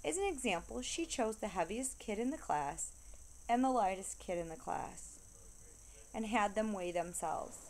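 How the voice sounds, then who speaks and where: Lady reading a kids' book out loud, steady, middle-pitched voice, slows on the punchlines. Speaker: reader. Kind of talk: reading a children's novel aloud.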